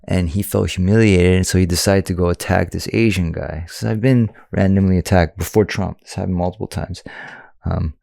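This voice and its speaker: A man's voice: deep voice, creaky, a little mellow, no room sound, clean studio sound. A man hosting a podcast, talking in a casual, rambling way with lots of filler words. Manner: rambling, many "you know" and "like" fillers. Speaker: podcast host. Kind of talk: casual reflective monologue.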